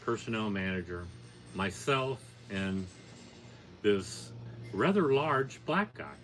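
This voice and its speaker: A man's voice: lowish voice, slow pace, soft background music. Plainspoken older man telling a story. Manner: plainspoken, matter-of-fact, building to animated peaks. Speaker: podcast guest, storyteller. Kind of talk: casual storytelling chat.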